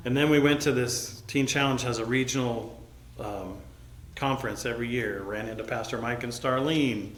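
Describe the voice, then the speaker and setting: A man preaches in a relaxed, conversational way, a pastor walking the congregation through a personal story. His voice sits at an ordinary middle pitch, and he acts out the lines of the people in the story. The sound carries the reverb of a large church room. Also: moderate pace, a little hiss or hum. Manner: casual, conversational retelling with acted-out quotes. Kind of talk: sermon storytelling. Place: church sanctuary. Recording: echoey church hall.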